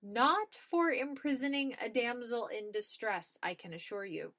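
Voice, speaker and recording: A woman voicing a smooth-talking male gnome who works in public relations, answering loudly and evasively. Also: on the high side, unhurried. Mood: glib.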